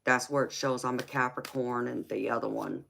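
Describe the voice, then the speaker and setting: A woman's voice: a bass voice, steady tone, normal speed, gravelly, a bit bright, a little hiss or hum. A middle-aged woman from California with a Southern accent, chatting on a livestream and reading viewer comments, calling people honey and sweetheart and laughing often. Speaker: tarot reader and livestream host.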